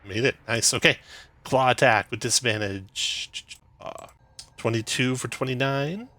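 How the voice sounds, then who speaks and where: A young man acting as dungeon master, calling out rolls and rules briskly with the odd chuckle. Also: mid-range voice, pushed and bright. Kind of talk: running a tabletop game.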